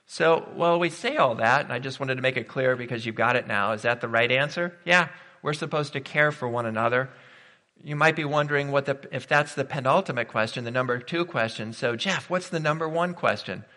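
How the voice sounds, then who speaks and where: A man's voice: mid-range voice, brisk, sharp tone. A man preaching a sermon, emphatic and full of rhetorical questions. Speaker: pastor. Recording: reverberant hall.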